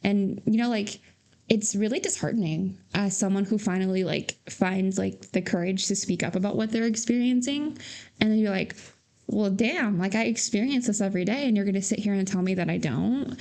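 A woman's voice: mid-range voice, a little fast, darkish tone. A woman co-hosting a talk podcast, speaking casually and filling her speech with "like". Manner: filler-heavy, says "like" constantly. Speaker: podcast co-host and trainer. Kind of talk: casual chat.

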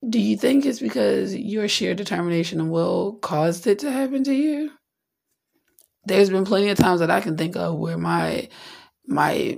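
A woman with a mid-range, gravelly voice, slightly rough and darkish in tone, hosts her own podcast. She delivers a candid, rambling spiritual monologue in a casual way, often acting out little voices.

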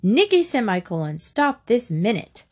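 A woman's voice: a little high, sing-song, unhurried, a little mellow. A woman voicing a stern mother scolding her son in a storybook reading, speaking in a firm, commanding way.

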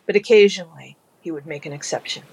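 A narrator reading a fan audiobook in a measured, low-key storytelling manner. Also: low-quality recording.

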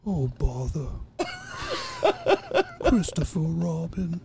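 A man voicing a foul-mouthed gangster version of a honey-loving cartoon bear, in a slow, gravelly drawl. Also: a little high, expressive, mellow, voice pushed up, heavily acted. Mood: gruff.

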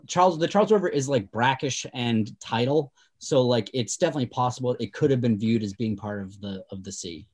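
A man's voice: medium pitch, darkish tone. Chatty man with a light Boston accent. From Massachusetts. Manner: chatty, explanatory, many fillers. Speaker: former tour guide. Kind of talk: casual chat.

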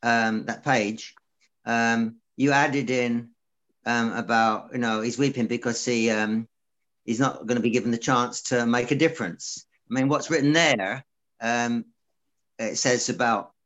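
A male student works through a question slowly, with many ums and restarts. His voice is in a middle pitch. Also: fairly even intonation, fairly bright tone. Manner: halting, many fillers and restarts. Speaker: student in class. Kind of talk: hesitant question in class.

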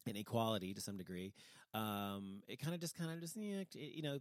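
A man's voice: fairly low pitch, sing-song, a little fast, no room sound. A man giving a casual opinion monologue, rambling and heated, swearing freely and restarting his sentences a lot. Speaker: vlogger. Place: lives in Dallas, Texas.

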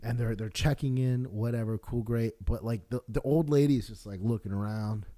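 A man's voice: medium pitch, moderate pace. A man co-hosting a casual podcast, telling a story with lots of swearing and acted-out voices. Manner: animated storyteller, swears a lot, acts out yelling characters. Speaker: podcast co-host. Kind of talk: casual chat.

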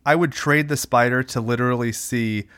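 A man co-hosting a podcast, joking crudely and excitably in casual chat. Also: mid-range voice, moderate pace, clean tone, no room sound, studio quality. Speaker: podcast co-host. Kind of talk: casual chat recapping a movie.

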